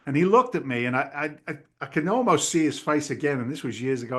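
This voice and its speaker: A man's voice: rapid-fire, hardly any pauses. A middle-aged man, telling his story as a guest in a podcast interview, acting out the people in it. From New England, US. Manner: animated storyteller who acts out the people in his story, pitch jumping up in quotes. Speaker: guest, real estate investor.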